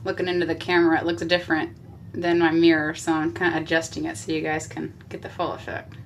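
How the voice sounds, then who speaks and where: A woman's voice: sits low, monotone, quick pace, vocal fry, slight background noise. Chatty woman live-streaming a makeup session. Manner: chatty, reads viewer comments aloud and answers them. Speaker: makeup livestreamer. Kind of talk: casual live-stream chat. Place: small bathroom in a basement. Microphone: phone camera.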